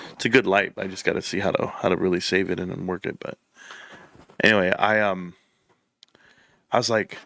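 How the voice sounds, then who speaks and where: A man hosts his own political commentary show from a room set up for it, delivering opinionated, impassioned remarks and repeating phrases as he builds momentum. His voice is deep and sharp with vocal fry, and there's no echo.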